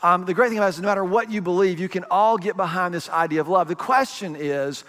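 A man's voice: high voice, fast, fairly bright tone, in a large hall. A man, a pastor, preaching a sermon in a conversational storytelling way, acting out the dialogue.

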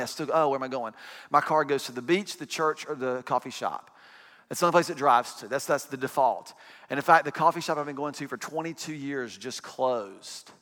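Male pastor, 40s, bright ringing voice, chatty storytelling sermon, long hall reverb. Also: a little high. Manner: chatty, self-deprecating storytelling. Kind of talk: conversational sermon. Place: church sanctuary.

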